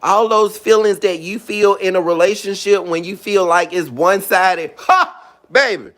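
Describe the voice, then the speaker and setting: Animated video host, male, a bit high-pitched, talks faith in a chatty casual way. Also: moderate pace. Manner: animated, chatty, calls listeners honey and girl. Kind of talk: casual talk about faith to viewers.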